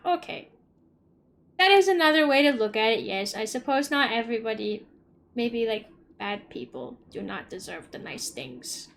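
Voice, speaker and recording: A young woman chatting casually while livestreaming a game, swinging between mumbled asides and loud squeals. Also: fairly high pitch, animated, normal speed, vocal fry. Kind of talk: casual gaming stream chat.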